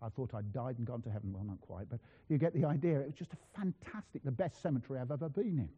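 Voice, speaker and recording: A man preaching a sermon, emphatic, swinging between loud declarations and quiet asides. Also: medium pitch, animated, fast talker, husky. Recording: dull sound in a reverberant hall.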